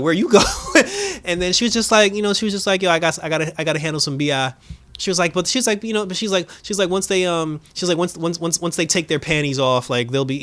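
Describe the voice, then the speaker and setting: A man hosting a casual reaction recap, animated and slangy, laughing and acting out characters' lines. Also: fairly high pitch. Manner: acts out characters' lines in quick mimicry. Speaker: show recap host.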